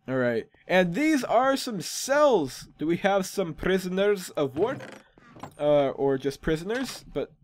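A man's voice: a little high, dry recording. A young man chatting casually through gameplay commentary, joking and teasing himself. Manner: chatty, self-mocking, jokey asides. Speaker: gaming channel host.

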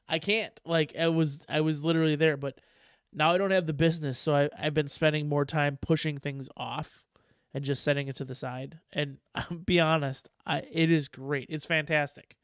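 A man's voice: on the high side, steady tone, moderate pace, a bit bright, no echo, studio quality. A man in his thirties chatting casually on a podcast, laughing often and swearing freely. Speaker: podcast guest. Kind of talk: casual chat.

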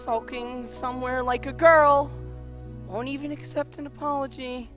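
A woman's voice: sits high, steady tone, normal speed, fairly bright tone. A woman voicing a sulky boy who stammers when frightened. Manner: stammering, whiny. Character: sulky boy, nervous before the queen. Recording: music bed behind.

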